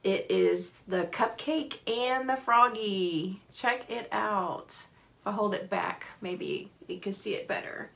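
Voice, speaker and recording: A woman's voice: medium pitch, slow, creaky, a bit bright. A woman hosting a live paper craft tutorial, chatting cheerfully and greeting viewers by name. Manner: cheerful, apologetic asides.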